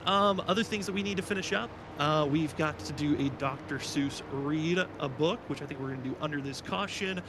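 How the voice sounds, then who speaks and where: A man hosting a live sim racing charity broadcast, quick and upbeat, reading names and updates. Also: on the high side, noisy background. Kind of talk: live race commentary.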